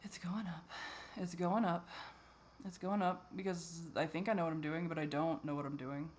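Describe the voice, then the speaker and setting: A tired man rambling in a personal vlog, swearing a lot and drifting between normal talk and low mutters. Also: little pitch movement, normal speed, a little hiss or hum. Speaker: vlogger.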